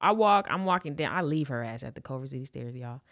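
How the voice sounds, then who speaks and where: A young Los Angeles man co-hosting a podcast tells a story quickly in casual chat. He's an animated storyteller who swears freely and acts out quotes with big pitch jumps. The recording is studio quality with no echo.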